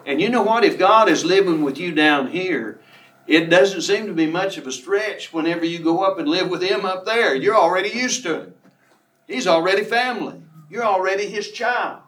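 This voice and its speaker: Man preaching, emphatic, slow scripture reading, fairly high voice, echoey room, away from the mic. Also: a bit bright, distant mic. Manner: emphatic, reads scripture slowly and draws out words. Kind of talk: sermon on a Bible passage.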